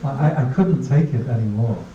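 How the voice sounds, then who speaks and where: Dark-voiced monk giving a joking talk. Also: male voice, mid-range voice, animated, moderate pace, a little hiss or hum. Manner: humorous, anecdotal, laughs at own jokes. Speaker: Buddhist monk teaching mindfulness. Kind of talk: casual dharma talk to a class. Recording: dull distant roomy recording.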